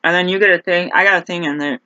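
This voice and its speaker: A woman's voice: lowish voice, fairly even intonation, fast talker, pushed and bright, no room sound. A woman ranting in a casual vlog, rambling and exasperated as she complains. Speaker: vlogger. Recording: dull, dry lo-fi recording.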